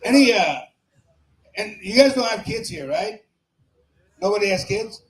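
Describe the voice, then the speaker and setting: A man's voice: very high-pitched, very animated, measured pace, gravelly. A man doing a crude, rambling open-mic stand-up set in a small bar, laughing at his own jokes on a handheld mic. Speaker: stand-up comic. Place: small comedy bar stage. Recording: echoey bar room.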